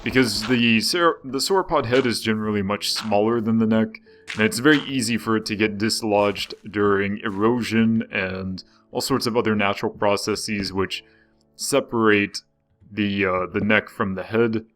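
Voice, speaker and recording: A man's voice: lowish voice, steady tone, normal speed, a bit bright, soft background music. A young man casually commenting while playing a game, chatty and rambling, often breaking off mid-sentence. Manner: chatty, rambling, self-interrupting. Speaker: gaming video host.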